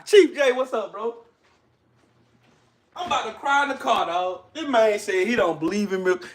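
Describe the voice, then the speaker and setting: A man's voice: high-pitched, very animated, normal speed, a bit bright. A man hosting a casual cooking livestream, mock-dramatic and wailing, repeating himself and cursing freely.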